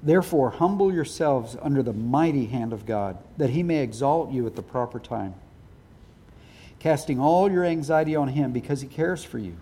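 A man's voice: medium pitch, moderate pace, dark tone, breathy edge. A middle-aged man preaching a sermon as pastor, speaking earnestly and with emphasis.

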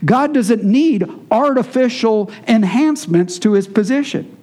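A man preaching to his congregation in a relaxed teaching manner. His voice sits high for a man yet sounds mellow and dark in tone. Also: a little slow. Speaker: pastor. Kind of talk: sermon.

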